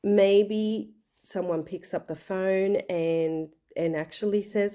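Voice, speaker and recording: Chatty woman with a mellow voice. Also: mid-range voice, steady tone, measured pace. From Australia. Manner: chatty and earnest, many fillers, acts out quoted voices. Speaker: vlogger. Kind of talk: casual personal talk to camera.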